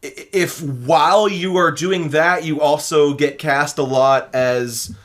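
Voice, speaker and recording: Young dude co-hosting a podcast, talks fast and laughs a lot, voice a bit high. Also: male voice. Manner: animated, quick, laughing storyteller. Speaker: voice actor co-host. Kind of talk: casual podcast chat.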